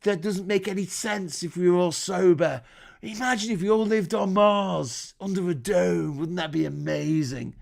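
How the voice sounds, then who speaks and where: A man's voice: high voice, moderate pace, vocal fry. Man putting on a dopey stoned partygoer. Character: stoned, rambling male partygoer, dopey and slow.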